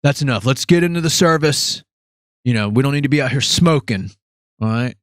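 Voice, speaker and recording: A man imitating a stern older pastor scolding a few boys and hurrying them back indoors, his words quick and firm. The delivery stays close to the storyteller's own voice, recorded dry and close. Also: medium pitch, expressive, a bit bright, no room sound, lightly acted.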